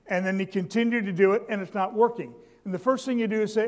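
A man's voice: sits high, fairly even intonation, fast talker. A man preaching a sermon who calls out to his congregation for response, stumbles through restarts and repeats his key lines. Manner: stammering restarts.

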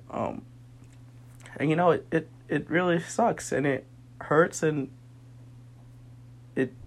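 A man's voice: mid-range voice, gravelly. A young man speaking a personal monologue, earnest and weary, sometimes heated.

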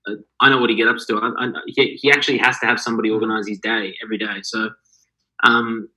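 A man's voice: lowish voice, flat delivery, fast talker, sharp tone, low-quality recording. A man co-hosting a podcast, talking in a rambling, earnest way with many fillers. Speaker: podcast co-host. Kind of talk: casual podcast chat.

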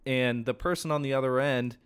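A man's voice: mid-range voice, steady tone, fairly quick, clean tone. A man co-hosting a casual podcast about sales and negotiation, talking in a conversational way. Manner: conversational, acts out sales lines. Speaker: podcast co-host.

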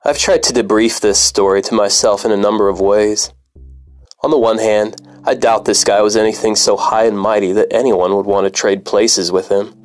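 A man's voice: on the low side, little pitch movement, moderate pace. A man, a former cab driver, narrating a personal story in a bitter, profane, wry manner.

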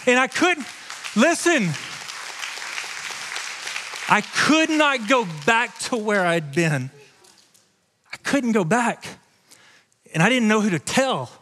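A high, bright male voice preaching a sermon with fervor, rising to ringing declarations and dropping to hushed confession. His words carry a long reverb from a large church hall. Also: animated, takes it slowly, long pauses, some chatter behind. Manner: impassioned preaching, swinging from loud to hushed. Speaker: pastor. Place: church stage.

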